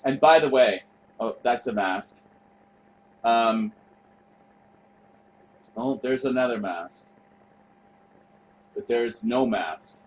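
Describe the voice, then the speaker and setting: A man's voice: mid-range voice, takes it slowly, pauses often, slight background noise, rough recording. A man hosting a show, talking casually and off the cuff over footage. He rambles, trails off, and swears freely. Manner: rambling, profane, offhand. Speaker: show host.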